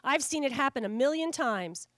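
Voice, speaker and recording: A woman voicing a brash, mean male guard dog in a storybook reading, in a gruff, warning tone. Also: high-pitched, lively intonation, moderate pace, a bit bright, no room sound.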